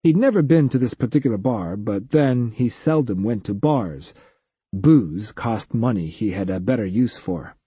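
A man narrating a science-fiction audiobook with expressive storytelling. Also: lowish voice, husky, no room sound. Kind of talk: scripted narration.

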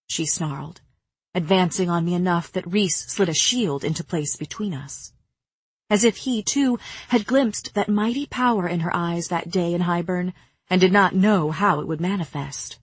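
A woman narrating a fantasy audiobook in the first person, reading in a measured, expressive way on a close mic. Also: on the low side, breathy edge, no echo.

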